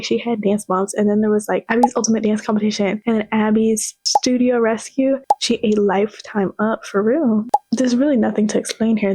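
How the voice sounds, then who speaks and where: A young woman in her twenties chats casually, gushing in slang about the clips she watches. Her voice is mellow and a little husky, recorded dry and close. She talks at an easy middle pitch. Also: no room sound, poor audio. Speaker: vlogger reacting to clips. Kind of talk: casual chat.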